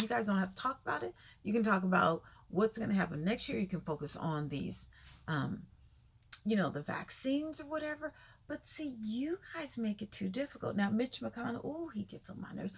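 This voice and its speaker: Gravelly-voiced woman rambling to viewers. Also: a little high, lively intonation, moderate pace. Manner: rambling, drifts into whispers, loses her thread. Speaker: vlogger. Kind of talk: casual rambling monologue to viewers.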